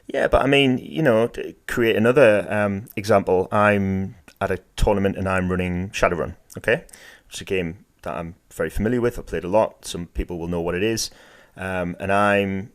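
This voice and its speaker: Low-voiced man, halting podcast chat. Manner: halting, many restarts; game master who likes to do voices. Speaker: podcast co-host. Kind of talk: casual discussion.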